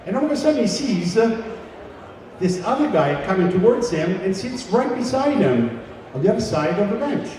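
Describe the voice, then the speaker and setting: High-voiced man emceeing in an echoey hall. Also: sing-song, moderate pace, dark tone, distant mic, a little hiss or hum. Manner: chatty, ad-libbing, addresses the crowd. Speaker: gala emcee. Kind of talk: live event hosting and joke telling. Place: large banquet hall.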